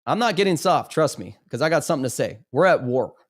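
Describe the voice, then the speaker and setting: Fast and animated, this livestream host has a fairly high voice and gives impassioned commentary. He speaks emphatically, stumbling over words he repeats.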